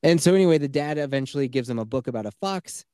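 A man co-hosting a casual podcast, recapping a story game in a loose, profane way. His voice sits warm and mellow, recorded close and dry with no room around it. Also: medium pitch, expressive, fast talker, clean tone, no room sound. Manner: loose, swearing, quotes characters in his own voice. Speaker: podcast co-host. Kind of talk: casual chat, retelling a video game story.

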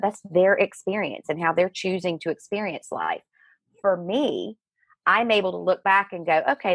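A middle-aged woman with a low, gravelly and somewhat husky voice speaks as an interview guest. She tells her own story earnestly and with animation. The sound is close and dry. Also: dry recording. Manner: earnest, animated retelling with acted quotes. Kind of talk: personal storytelling in conversation.

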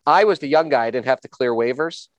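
A man's voice: mid-range voice, animated, fast talker, dry recording. A middle-aged man, a former hockey player, telling stories in a casual, rambling chat and often repeating words as he starts a sentence.

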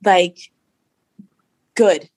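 A woman's voice: very slow, darkish tone. A woman guest in an interview, sharing her personal faith story in an earnest, reflective way with many fillers.

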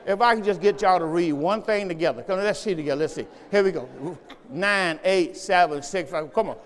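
Some chatter can be heard behind a male pastor who preaches fairly quickly in a high voice. Teaching from scripture, he repeats key phrases in a call-and-response style, all under a long church reverb.

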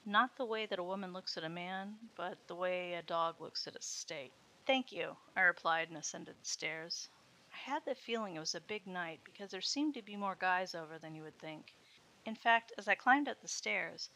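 A woman reading a first-person story aloud as its narrator, in a steady storytelling manner. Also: lowish voice, moderate pace. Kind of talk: scripted erotic story narration.

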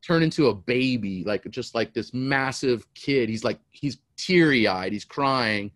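Storyteller, middle-aged man, animated and rambling, dry close sound. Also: medium pitch, a little slow, no room sound. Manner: animated, rambling, repeats words. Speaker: storyteller guest. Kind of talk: casual storytelling.

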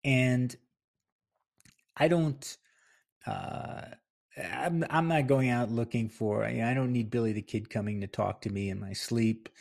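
A man's voice: medium pitch, a little slow, gravelly, darkish tone. A middle-aged man from New Jersey, hosting a podcast and telling a rambling story with fillers and self-corrections. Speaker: podcast host and author. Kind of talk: casual storytelling monologue.

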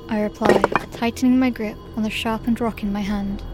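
A woman's voice: medium pitch, steady tone, moderate pace, hardly any pauses. A woman narrating a first-person horror story with a tense, dramatic delivery. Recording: music bed behind the voice.

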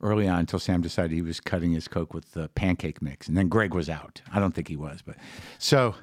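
A man's voice: deep voice, a little fast, dry recording, clean studio sound. A middle-aged man telling a long, rambling story in casual chat, profane and full of fillers. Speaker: guest comedian.

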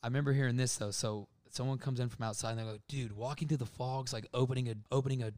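A man's voice: mid-range voice, fast. A man in his twenties on a podcast, telling a story in casual chat and acting out other people's lines with a lot of laughing. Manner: animated, laughing, acts out quotes. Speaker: podcast co-host.

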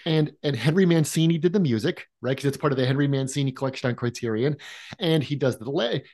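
Animated man co-hosting a film chat. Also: mid-range voice. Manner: animated, talks in quick restarts and asides. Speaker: co-host of a film podcast. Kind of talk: casual conversation.

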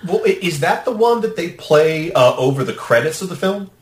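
Man, lively expressive voice, slightly high, echoey room sound. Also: moderate pace. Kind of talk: casual film discussion.

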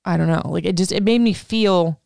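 A woman's voice: lowish voice, brisk, vocal fry, darkish tone, no echo, studio quality. A woman podcast host telling a personal story in casual, rambling talk, full of swearing and "like". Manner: rambling, profane, heavy use of "like".

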